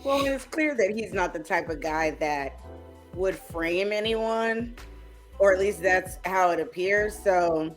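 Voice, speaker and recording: A woman co-hosting a podcast, casually discussing an anime and calmly explaining characters' motives. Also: fairly low pitch, takes it slowly, faint music behind. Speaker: podcast co-host. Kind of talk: casual anime review chat.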